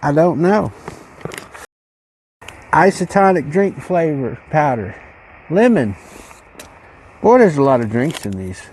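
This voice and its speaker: A man hosting a casual unboxing video, musing aloud in a slow, rambling way as he goes through a ration pack. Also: on the high side, big pitch swings, a little mellow, breathy edge, poor audio. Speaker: channel host reviewing ration packs.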